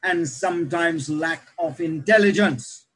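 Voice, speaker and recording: Man, pastor teaching a preaching class, husky, a bit high, lively lecture. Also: a little slow, poor audio. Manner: animated teaching, shifting pace and loudness.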